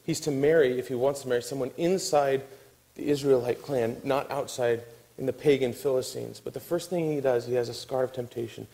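A man preaching a sermon, telling a Bible story with lively, animated delivery and acting out the characters' voices. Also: mid-range voice, fairly quick, gravelly, rough recording. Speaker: pastor.

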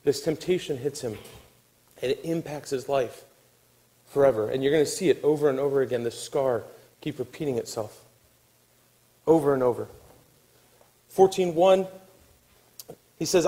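A man preaching a sermon, telling a Bible story with lively, animated delivery and acting out the characters' voices. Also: a little high, moderate pace, pauses often, low-quality recording. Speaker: pastor.

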